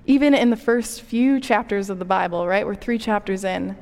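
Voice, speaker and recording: A woman's voice: medium pitch, moderate pace, a little mellow. A woman giving a conversational sermon, preaching in a relatable way with personal stories. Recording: reverberant hall.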